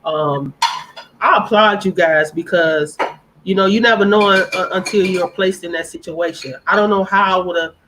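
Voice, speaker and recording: A woman's voice: fairly low pitch, normal speed, background noise. A woman speaking on a live-stream panel, earnest and heartfelt, repeating phrases for emphasis.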